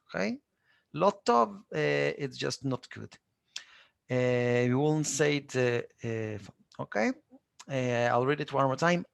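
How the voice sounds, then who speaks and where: A man's voice: mid-range voice, expressive, a little slow, creaky, no room sound, clean studio sound. A man with an Israeli accent, a native Hebrew speaker, teaching a live online Hebrew lesson and patiently repeating words for learners.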